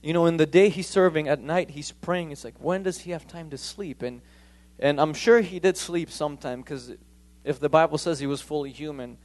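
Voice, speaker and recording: A man's voice: fairly high pitch, normal speed, a little mellow. A man preaching a conversational sermon, emphatic and repeating key points.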